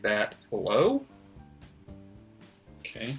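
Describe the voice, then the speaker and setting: A man's voice: fairly low pitch, wildly swooping pitch, drawn-out words, gravelly. A man casually reading out his margin notes from a book, laughing often and swearing freely. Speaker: book vlogger. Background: faint background music.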